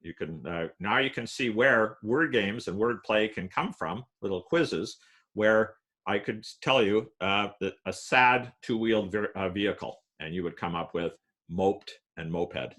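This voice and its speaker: Bright-voiced man lecturing on puns. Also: fairly low pitch. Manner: playful, pun-loving explainer with many filler pauses. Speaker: guest lecturer. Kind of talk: lecture on wordplay with slides.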